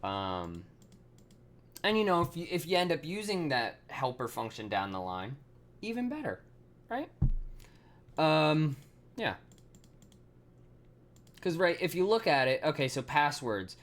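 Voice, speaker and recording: A man's voice: on the high side, very animated, a little slow, long pauses, fairly bright tone, slight background noise. A man thinking aloud as he codes on a live stream, full of fillers and self-corrections, swearing casually and laughing at himself.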